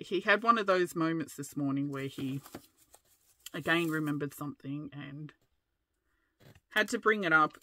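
A woman's voice: low-pitched, fairly bright tone. An Australian woman in her fifties, hosting a crafting vlog and telling a rambling, chatty story. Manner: rambling, chatty, often laughing. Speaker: crafting channel host.

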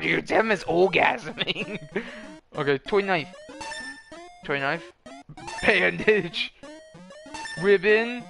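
A man's voice: sits high, expressive, extremely slow, gravelly, long pauses, bright, forceful tone, soft background music. A man casually commentating a video game at home, laid-back, swearing and laughing between remarks. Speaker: gamer commentating a let's play. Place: room in a house, at home.

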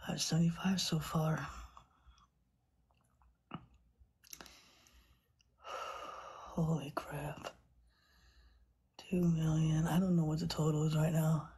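Low slow breathy woman on a live stream, husky, gasping and whispering a lot. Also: level tone, warm tone. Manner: overwhelmed, gasping exclamations, often whispering. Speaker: livestreamer. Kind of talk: live stream chat with viewers.

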